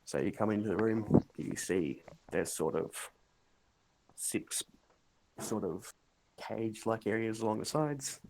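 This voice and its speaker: Gravelly low game master. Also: male voice, a little slow, a little hiss or hum. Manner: relaxed, hedging narration full of "sort of". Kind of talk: narrating a tabletop game.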